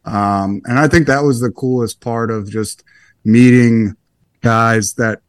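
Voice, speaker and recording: A young man in his twenties, a golfer being interviewed, telling stories in a relaxed, rambling, self-deprecating way. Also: medium pitch, takes it slowly, no room sound, clean studio sound. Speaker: guest golfer. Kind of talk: casual interview storytelling.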